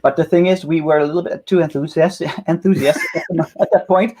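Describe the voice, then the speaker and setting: Husky man chatting on a live stream. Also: on the high side, fast talker. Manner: relaxed storyteller, laughs easily. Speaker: guest YouTuber. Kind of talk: casual chat on a live stream.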